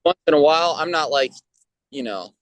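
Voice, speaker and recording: A man co-hosting a podcast in casual chat, talking in a hesitant, halting way with many restarts. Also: a little high, lively intonation, no echo. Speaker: podcast co-host.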